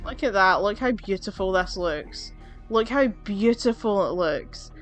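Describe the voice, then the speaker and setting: A chatty woman gamer narrating her play casually, excitable and quick to swear. Her voice sits in an ordinary middle register, with faint music underneath. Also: medium pitch. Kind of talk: casual gameplay commentary.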